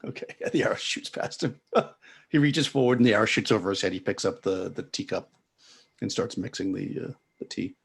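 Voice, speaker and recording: A man's voice: lowish voice, fairly quick, gravelly, breathy edge. A man narrating as game master for a tabletop game, rambling with many fillers and restarts.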